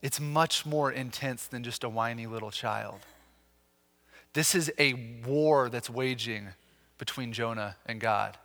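A man preaching a sermon as pastor, talking earnestly with lively emphasis and frequent restarts. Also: mid-range voice, measured pace, long reverb tail.

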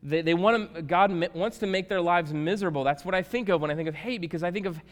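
A man preaching a sermon as a pastor, swinging from hushed tones to loud emphatic shouts. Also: high-pitched, fast talker. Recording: long reverb of a large hall.

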